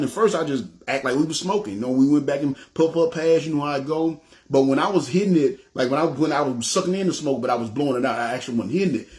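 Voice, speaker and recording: A man with a Southern US accent telling his personal testimony, acting out the dialogue and often checking in with his listeners. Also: on the high side. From Memphis, US South. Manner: animated, acts out dialogue, keeps saying "you know what I'm saying". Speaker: ministry leader giving testimony.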